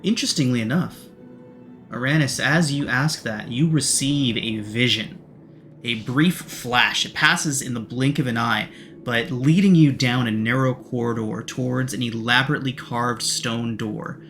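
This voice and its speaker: A man running a tabletop game, narrating scenes in a measured, descriptive way. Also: mid-range voice, fairly bright tone, faint music behind. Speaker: game master.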